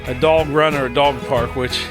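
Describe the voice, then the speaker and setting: A man's voice: medium pitch, steady tone, normal speed. A middle-aged man giving an easygoing, matter-of-fact walking tour of a lakeside campground outdoors, thinking aloud as he goes. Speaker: RV travel vlogger. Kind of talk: casual walking tour commentary. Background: background music.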